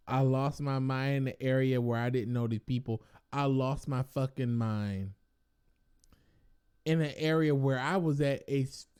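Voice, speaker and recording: A young man telling a vacation story in a casual, animated rant, swearing and laughing. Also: fairly high pitch, clear, resonant tone.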